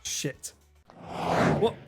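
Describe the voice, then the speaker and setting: Drawing out his words over faint background music, a man games on a live stream and chats casually with viewers. His manner is animated and jokey, and he swears freely.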